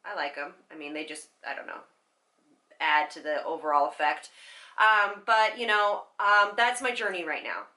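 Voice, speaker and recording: A young woman talking candidly and haltingly to her viewers in a personal vlog, tearful at times, with many fillers. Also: fairly low pitch, lively intonation, bright, forceful tone. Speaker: vlogger.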